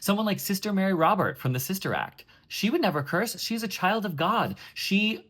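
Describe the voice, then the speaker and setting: A man working as a Broadway audition coach, giving chatty, expressive coaching tips straight to camera with playful emphasis. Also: sits high, moderate pace.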